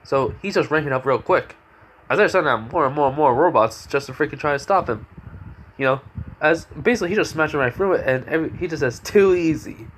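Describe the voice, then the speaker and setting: A man's voice: a little high, quick pace, fairly bright tone. A young man casually telling a fan story off the cuff, rambling with lots of fillers and self-corrections. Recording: faint background noise.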